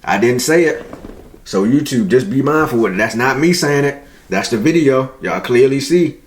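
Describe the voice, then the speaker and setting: A man hosting a reaction channel, talking straight to his viewers in casual, slangy, animated commentary. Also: mid-range voice, moderate pace.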